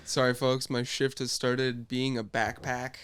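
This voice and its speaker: A man's voice: mid-range voice, little pitch movement, measured pace, fairly bright tone, smooth, no room sound. A man co-hosting a casual podcast, dropping short reactions and jokes. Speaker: podcast co-host. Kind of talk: casual chat.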